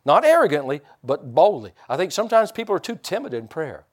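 Guy preaching, chatty sermon, talks right to the crowd, voice a bit high. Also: big pitch swings, quick pace. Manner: conversational preaching, talks to the congregation. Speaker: pastor.

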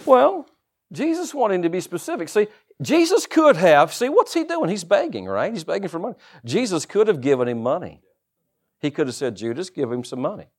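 A man's voice: high-pitched, sing-song, normal speed. A middle-aged man preaching a sermon as pastor, with humorous asides and rhetorical questions.

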